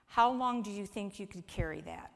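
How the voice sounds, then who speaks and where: A woman preaching a conversational sermon with an object lesson, coaxing and warm in asides, rising to lively emphasis. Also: medium pitch, normal speed, creaky. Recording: long hall reverb.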